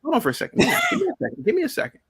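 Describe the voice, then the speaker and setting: A man's voice: extremely high pitch, huge pitch swings, racing, fairly bright tone. A man hosting a heated live-stream debate, combative and repeating his questions insistently. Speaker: podcast host.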